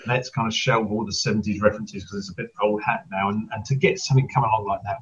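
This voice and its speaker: A man's voice: lowish voice, muffled recording. A man co-hosting a football podcast, talking casually with frequent ums and hesitations. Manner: hesitant, lots of ums and uhs. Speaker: podcast co-host. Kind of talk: casual chat.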